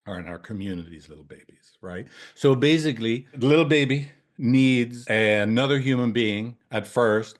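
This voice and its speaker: Lively swearing man teaching therapists. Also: fairly low pitch, normal speed, few pauses. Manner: animated, swears freely, keeps tagging "right?". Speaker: couples therapist trainer. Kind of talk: casual training talk.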